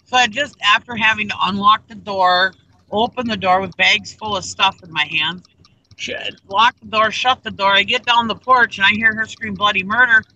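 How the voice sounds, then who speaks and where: A woman's voice: medium pitch, fairly even intonation, normal speed, pushed and bright, dull audio. A middle-aged woman on a group video call, telling a rambling story in casual chat and acting out the people in it. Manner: rambling, acts out quoted exchanges.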